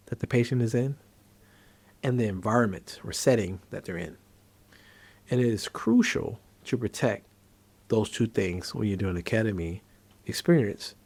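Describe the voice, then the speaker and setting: Low-voiced man explaining casually. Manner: conversational, storytelling, animated when acting out scenes. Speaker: psychiatrist host. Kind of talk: casual educational talk.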